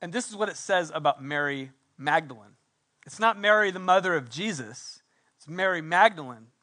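A middle-aged man preaches with fervent conviction, his voice sitting high and ringing. He surges into loud, insistent declarations, then drops to a hushed, close tone to draw the listener in. The brightness gives his emphasis a sharp, carrying edge. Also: animated, moderate pace. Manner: passionate, swings from loud emphasis to hushed intimacy. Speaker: pastor. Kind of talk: sermon.

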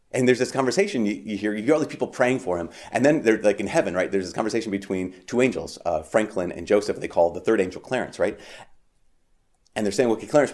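A man reading scripture in a measured, solemn way, then giving a chatty homily as a priest, full of "like" and "um". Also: mid-range voice, darkish tone. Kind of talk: Gospel reading and casual homily.

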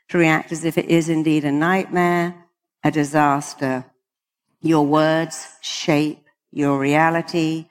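A woman's voice: fairly low pitch, big-room sound. A British woman, a hypnotherapist, giving an emphatic motivational talk to a live audience and acting out the people she quotes. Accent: British English. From Britain.

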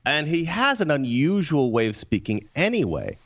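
Man, American, co-host, relaxed, thoughtful, hesitant, dull lo-fi audio. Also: a little high, moderate pace. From United States. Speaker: podcast co-host. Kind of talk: casual film discussion.

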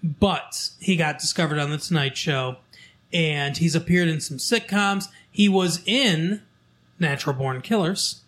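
A man hosting a local show, reading from a newspaper in casual chat, halting with fillers and restarts as he goes. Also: fairly high pitch, a bit bright, a little hiss or hum.

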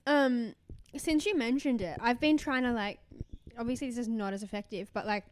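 A young woman co-hosting a podcast, laid-back and quick to laugh in easygoing banter. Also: on the high side, dry recording. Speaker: podcast co-host. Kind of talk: casual chat.

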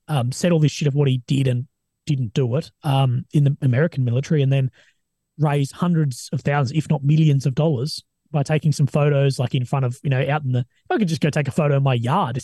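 A young Australian man talks casually, cursing often and slipping into other people's voices as he tells stories. His voice is mellow and a little husky, and it sits somewhat high for a man. The sound is dry and close. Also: no echo. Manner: swears a lot, animated retelling of others' words. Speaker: guest, army veteran and journalist. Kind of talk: casual interview talk.

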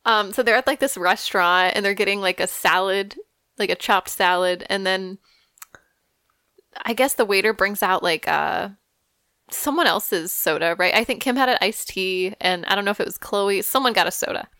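A woman's voice: mid-range voice, moderate pace, sharp tone, clear, resonant tone, dry recording, studio quality. A young woman co-hosting a casual pop-culture podcast, chatty and full of "like" and "I don't know". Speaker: podcast co-host.

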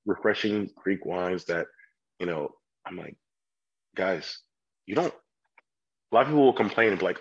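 A man with a somewhat low, husky voice chats easily as a sommelier guest. He tells lively stories and pops into customers' voices along the way. The sound is a little dull and lo-fi. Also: a little slow, pauses often. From California. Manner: animated storyteller, acts out customers' voices. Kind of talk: casual chat.

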